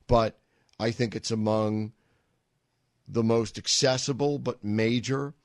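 A man's voice: medium pitch, no room sound. A middle-aged man hosting a talk radio show, telling a rambling story with wry asides into a studio microphone.

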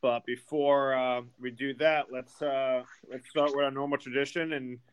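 Clear-voiced man hosting a podcast. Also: mid-range voice, little pitch movement, normal speed. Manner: friendly, steers the conversation. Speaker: podcast co-host. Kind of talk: casual chat.

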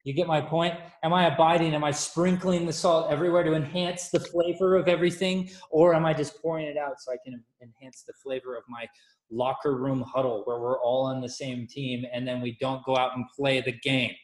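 A man's voice: mid-range voice, flat delivery, brisk, slight background noise. A man giving a casual, playful sermon that keeps asking the audience questions. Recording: echoey room.

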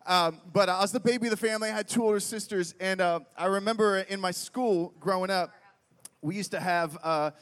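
A middle-aged man from Pittsburgh, giving a humorous storytelling sermon at a festival. He is animated, quizzes the crowd with frequent questions, and fills his talk with "like" and "right?". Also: fairly high pitch. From Pittsburgh, United States. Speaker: festival speaker. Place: large festival stage. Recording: long reverb from a large venue.

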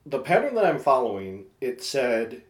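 A man co-hosting a podcast in casual chat, with a dry, measured wit. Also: mid-range voice, huge pitch swings. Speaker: podcast co-host. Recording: roomy echo.

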